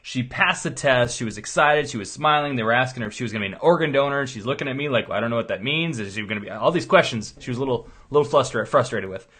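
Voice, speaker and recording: A man's voice: mid-range voice, fast talker, few pauses, fairly bright tone, breathy edge. A middle-aged man, a chiropractor, giving a rambling, earnest motivational talk in a casual, storytelling way. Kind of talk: motivational monologue.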